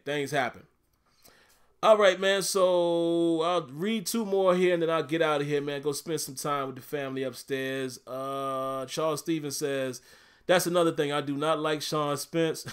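A man with a Southern US accent hosting a casual livestream, reading viewer comments aloud in a laid-back, chatty way and laughing often. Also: fairly high pitch. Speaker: YouTube livestream host.

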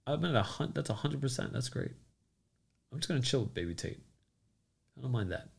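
A man's voice: mid-range voice, expressive, brisk, creaky, slightly rough. A man hosting a crypto livestream in a casual chat, loosely joking and greeting commenters by name.

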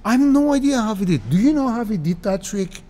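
A man's voice: high voice, big pitch swings, quick pace, mellow, pitched above the performer's own voice. A man putting on the voice of an older British magician with a British accent, playfully asking about a trick.

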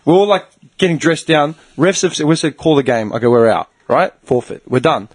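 Husky guy on a podcast ranting through a story, pitch all over the place. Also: fairly quick. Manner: animated, swearing, acts out the people in his story. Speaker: podcast host. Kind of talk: casual storytelling chat.

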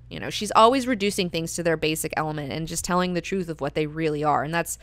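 A woman's voice: low voice, fast talker, hardly any pauses, a bit bright, dry recording. A young woman hosting a book club, talking casually and filling her speech with "like" and "you know". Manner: chatty, lots of "like" and "you know".

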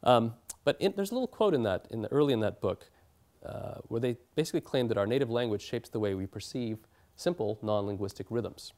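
A man's voice: mid-range voice, animated, fairly quick, a little mellow. A man giving an academic lecture in a hall, explaining at length with fillers and restarts.

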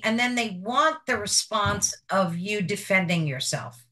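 A woman's voice: medium pitch, normal speed, pushed and bright. A woman hosting an interview, asking engaged follow-up questions. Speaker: interview host. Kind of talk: conversational interview.

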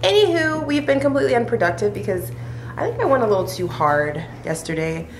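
A woman's voice: medium pitch, very animated, fairly quick, a little hiss or hum. A young woman and mother chatting casually to camera, laughing often and talking sweetly to her kids. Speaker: vlogger, mother. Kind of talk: casual vlog chat.

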